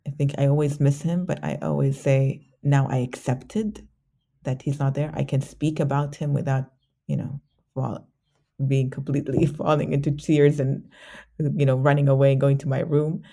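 A woman guest in an interview, reflecting candidly on a personal journey, halting often with restarts and fillers. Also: very deep voice, little pitch movement, vocal fry, dark tone.

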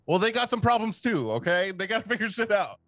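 Animated man hosting a movie podcast. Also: sits high, quick pace, dry recording. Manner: animated, emphatic, laughs often. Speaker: podcast co-host. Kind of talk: casual movie podcast chat.

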